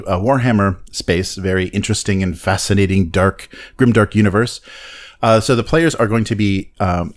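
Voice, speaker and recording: Low-voiced man hosting a podcast. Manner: laughs often, many fillers, skeptical asides. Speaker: podcast host. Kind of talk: casual podcast chat.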